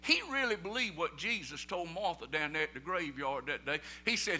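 A man in his thirties preaching a sermon, dramatic, dropping low and slow and then rising loud and high. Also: animated.

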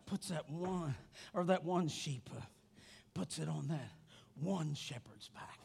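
A man preaching a sermon with passion, rising to shouting, his voice breaking into a cry at the peaks. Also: on the high side, slow, vocal fry, breathy edge. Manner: impassioned preaching that rises to shouting.

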